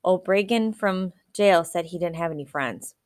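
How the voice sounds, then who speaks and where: A woman's voice: lowish voice, unhurried, no echo, studio quality, natural voice. A woman voicing a determined young boy raised in the woods, blunt and matter-of-fact.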